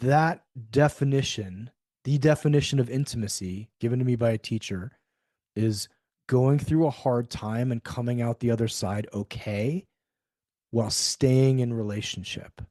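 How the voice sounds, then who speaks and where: Speaking at a normal pace in a warm, mid-range voice, a middle-aged man gives a candid conversational interview as a podcast guest, bringing quoted dialogue to life with animated delivery. The recording is dry and cleanly studio-produced.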